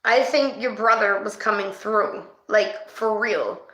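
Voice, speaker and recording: A woman doing a casual livestream spirit session as a psychic reader, chatty and excitable, calling her viewers babes. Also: medium pitch, measured pace. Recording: echoey room.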